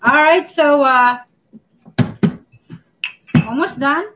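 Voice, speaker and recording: On a laid-back live baking stream, the female host greets viewers by name, talks with them warmly, and laughs a lot as she bakes. She speaks in a high voice, very slowly, with noise in the background.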